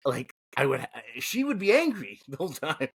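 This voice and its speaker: A man's voice: fairly high pitch, normal speed, husky. A man in his forties co-hosting a podcast, telling crude stories with lots of laughter and swearing. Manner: animated, laughing, profane storytelling. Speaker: podcast co-host. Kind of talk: casual podcast chat.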